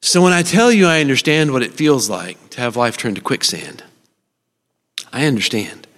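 A man's voice: mid-range voice, big pitch swings, normal speed, a bit bright. A middle-aged man, preaching a sermon in an earnest, personal storytelling style with touches of humor. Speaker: speaker at a church service. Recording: long reverb of a large hall.

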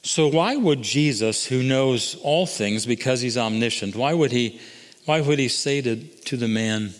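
A man preaching a sermon as pastor, swinging between soaring emphatic lines and hushed, intimate ones. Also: medium pitch, a little slow, in a large hall.

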